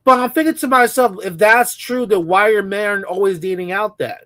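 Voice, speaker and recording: A man's voice: high-pitched, moderate pace, fairly bright tone, dry recording. A man giving a profane, scornful rant as a commentator reacting to a clip.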